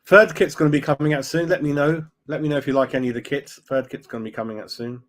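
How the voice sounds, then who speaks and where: Hosting a fan live stream, a middle-aged man reads out viewer comments and offers his opinions, tacking "mate" and "right?" onto his lines. He talks fast, with a medium pitch and a steady tone.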